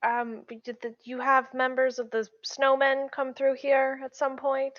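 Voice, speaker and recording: A woman's voice: high-pitched, completely flat delivery, a little slow, dull audio. A woman playing a tabletop game, chatty and self-deprecating. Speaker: player. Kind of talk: casual tabletop play.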